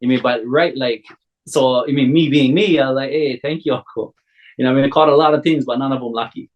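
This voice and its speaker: A man's voice: medium pitch, steady tone, fast, lo-fi sound. A man in his forties with a Hawaiian accent, telling a personal story in casual, rambling talk full of "you know" fillers.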